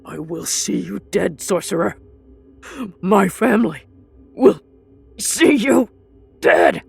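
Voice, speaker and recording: A woman's voice: medium pitch, lively intonation, slow pace, creaky, breathy edge, soft background music, pitched above the performer's own voice, full character voice. A woman voicing a snarling, heavyset male crime boss who spits furious threats.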